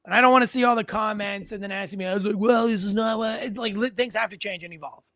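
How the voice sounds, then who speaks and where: A man's voice: high voice, racing, sharp tone, no echo. Rambling podcast host, man, dry close mic. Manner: rambling, self-correcting storyteller. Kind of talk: casual podcast talk.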